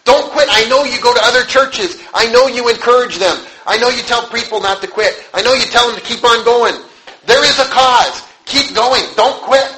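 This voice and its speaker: A man voicing an eager woman passenger who urgently begs someone not to quit, repeating herself in a high, insistent voice. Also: normal speed, sharp tone, a little hiss or hum. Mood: urgent pleading. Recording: echoey room.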